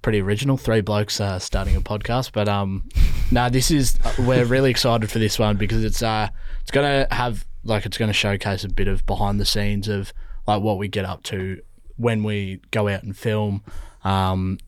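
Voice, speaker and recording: A man's voice: fairly low pitch, little pitch movement, moderate pace, clear, resonant tone, dry recording. A man guesting on a podcast, laid-back and laughing easily. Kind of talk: casual chat.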